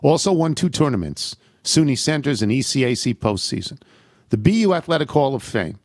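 A man hosts a talk show and reads listener letters aloud. His delivery is wry and amused, in an everyday middle-pitched voice. The sound is close and dry, as in a studio. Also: sing-song, a little fast, darkish tone, no echo. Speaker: radio show host reading listener emails. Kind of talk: reading listener mail aloud with dry humor.

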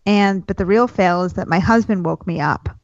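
Woman telling a relaxed story, dull sound. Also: fairly low pitch, moderate pace. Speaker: podcast co-host. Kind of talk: casual chat among friends.

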